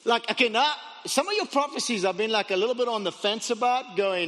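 A man's voice: extremely high pitch, expressive, a little fast, few pauses, fairly bright tone, big-room sound. A man preaching a sermon, retelling a story with dramatic asides and stammered restarts. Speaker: pastor.

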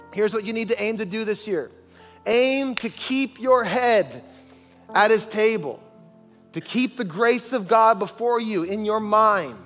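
Man, pastor preaching, high voice, emphatic, long church reverb, soft music underneath. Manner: emphatic, calls for congregation responses. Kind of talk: sermon. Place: large church sanctuary.

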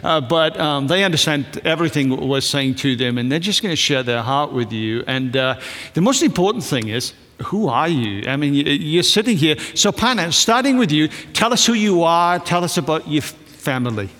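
High-voiced pastor in a reverberant hall. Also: male voice, expressive, moderate pace, fairly bright tone. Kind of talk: church service introduction. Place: church hall.

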